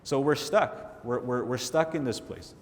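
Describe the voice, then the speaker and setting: A man giving a motivational keynote, telling a personal story and acting out his friends' voices. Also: unhurried. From Canada. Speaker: keynote speaker. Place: large hall with audience. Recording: hall reverb, faint rumble.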